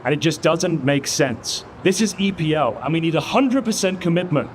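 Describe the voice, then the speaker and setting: A man's voice: on the high side, animated, moderate pace, a little hiss or hum. A male caster lecturing a colleague, frustrated.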